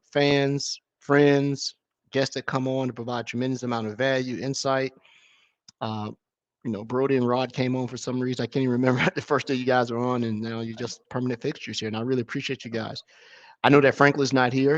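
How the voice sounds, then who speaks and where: A middle-aged man hosting a podcast, talking in a relaxed, rambling way with restarts. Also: mid-range voice. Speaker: podcast host. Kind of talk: casual podcast chat. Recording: slightly dull lo-fi audio.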